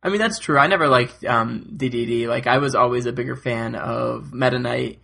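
A young man with a gravelly, husky voice and a bright, forward tone, talking in an easygoing way. He chats casually and laughs readily. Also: medium pitch, normal speed. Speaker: podcast co-host. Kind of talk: casual chat.

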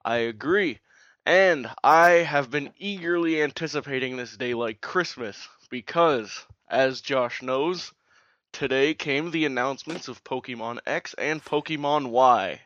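A man's voice: medium pitch, a little slow, fairly bright tone, dry recording. A man hosting a podcast, eagerly laying out his thoughts in a casual chat. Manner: eager, explaining. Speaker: podcast host. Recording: dry, dull lo-fi recording.

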